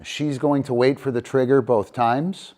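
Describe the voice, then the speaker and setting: With a mid-range voice, a middle-aged man teaches dog training live, softly encouraging the dogs. He then explains every game steadily and unhurriedly as he wanders nearer to and away from the microphone.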